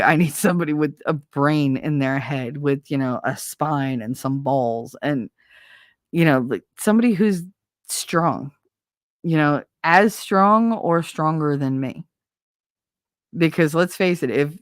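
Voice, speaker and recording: A middle-aged woman talks straight to her live-stream viewers in a slightly low voice, recorded close and dry with no room around it. She is blunt, profane and sarcastic, answering comments as they come in and laughing often. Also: no room sound.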